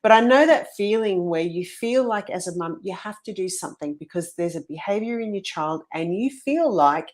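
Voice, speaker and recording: Speaking as a coach for mothers, a woman with a somewhat low voice tells a story earnestly yet in a relaxed, conversational way. Her voice is a bit husky this morning, and she keeps circling back to restart her thoughts, talking at a normal speed with few pauses.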